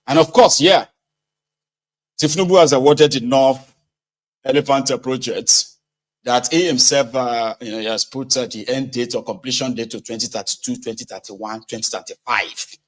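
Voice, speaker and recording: With a Nigerian accent, a man offers casual political commentary, chatting conversationally and posing rhetorical questions. His pitch is medium and his speed normal, and the audio quality is poor.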